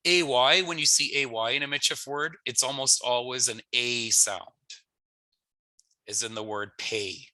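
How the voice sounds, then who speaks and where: A man with a Canadian English accent teaching a pronunciation lesson in a relaxed, explanatory way, sometimes laughing at himself. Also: mid-range voice, measured pace, dry recording. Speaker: language teacher.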